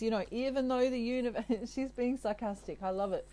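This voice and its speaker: A woman's voice: a little high, fairly quick, mellow, rough recording. A woman giving a casual tarot reading, chatty and playful, laughing often. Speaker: tarot reader.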